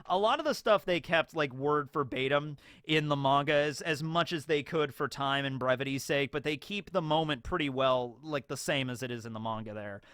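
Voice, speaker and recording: Animated, bright-voiced man recapping a show. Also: on the high side, normal speed, few pauses, clear, resonant tone, no echo, clean studio sound. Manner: animated, often acting out scenes. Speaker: YouTube show reviewer. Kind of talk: casual episode recap.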